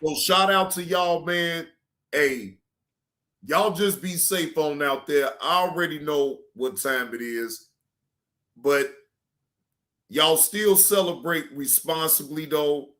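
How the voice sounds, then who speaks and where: Male stream host with a higher voice who drawls slowly, slangy and profane, loud then hushed. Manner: slangy, profane, repeats himself; swings between loud hype and low, quiet asides. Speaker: reaction show host. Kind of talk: casual livestream talk.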